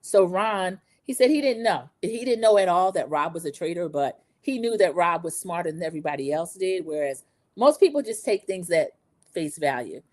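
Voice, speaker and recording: A woman's voice: lowish voice, lively intonation, normal speed, darkish tone, no echo. A middle-aged woman hosting a casual opinion recap, chatty and opinionated, talking straight to her viewers. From lived in the American South over twenty years. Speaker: recap host.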